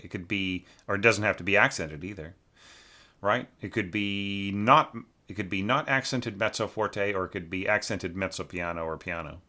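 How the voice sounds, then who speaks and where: This orchestration teacher has a lowish, sharp-toned voice as he informally critiques a student score. Fillers and tag questions pepper his speech, and he hums and scats musical lines to get the phrasing across.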